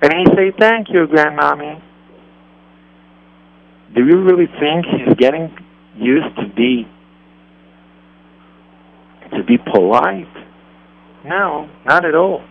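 Speaking slowly with long pauses, the man has a slightly high, expressive voice marked by vocal fry. He's a native-speaking rabbi and radio host who talks earnestly about parenting, going back over his points and rephrasing them. A radio studio mic picked him up in a dull, lo-fi recording.

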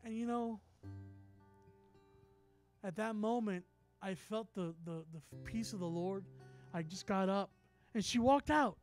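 A man preaching a sermon and telling a story in an animated way, acting out each person in it. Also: sits high, unhurried, long pauses, soft background music. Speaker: apostle, preacher.

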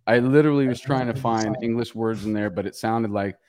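A man hosting a podcast in casual chat, excitable and rambling, swearing a lot. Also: lowish voice, a little fast, crowd noise. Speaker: podcast host.

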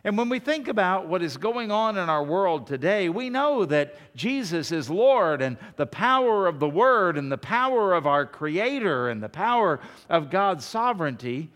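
A man preaching a sermon, swinging from loud, emphatic declarations to quiet, conversational asides. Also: high voice, big pitch swings, normal speed, hardly any pauses, big-room sound. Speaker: pastor.

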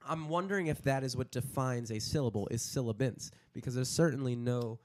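A man's voice: medium pitch, fairly quick, darkish tone, a little hiss or hum. A man co-hosting a podcast, talking in a casual, profane way, often calling others dude. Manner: casual, swears a lot, says dude. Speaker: podcast co-host. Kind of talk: casual chat.

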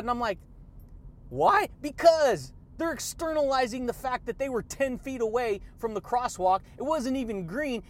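A man hosting a motivational podcast, hyped and loud, shouting catchphrases and laughing often. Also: very high-pitched. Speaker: podcast host.

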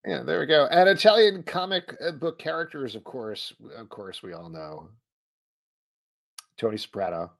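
A man's voice: medium pitch, lively intonation, normal speed, creaky. A man hosting a casual live-streamed talk show, playful and teasing, reading out viewer questions. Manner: playful, teasing, laughs easily.

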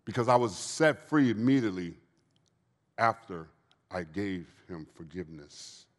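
Male testimony preacher, 50s, lowish voice, hushed storytelling into fervent appeals, live hall with long reverb. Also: animated, a little slow. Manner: low, quiet storytelling that swells into fervent exhortation. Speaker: guest speaker giving a testimony. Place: large hall with an audience.

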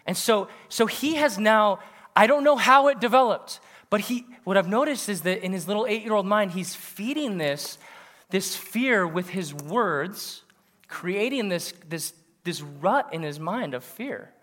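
High bright-voiced male preacher in a reverberant hall. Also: unhurried. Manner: animated, punchy, with bursts of laughter. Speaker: pastor. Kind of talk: sermon.

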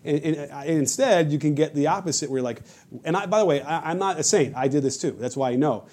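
A man telling stories on a podcast in a rapid, animated way, often restarting his sentences. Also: on the high side. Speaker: podcast guest, basketball coach and creator. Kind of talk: casual podcast conversation.

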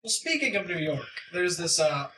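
A podcast co-host casually describing a podcast they found, in a relaxed way. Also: medium pitch, moderate pace, roomy sound, recorded from a distance, slight background noise. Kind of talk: casual comedy banter.

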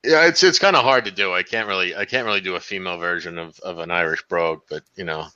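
Man, podcast co-host, halting, bright forceful tone, lo-fi dry recording. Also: sits low, clean tone, no echo. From New York. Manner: halting, restarts often, reminiscing. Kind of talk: casual podcast chat. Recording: dull lo-fi dry sound.

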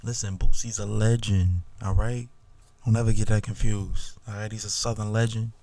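A man's voice: lowish voice, little pitch movement, moderate pace, warm tone, no room sound. A man hosting a podcast, talking in a loose, rambling way and leaning on "listen" and "you know what I'm saying". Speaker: podcast host. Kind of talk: casual podcast commentary.

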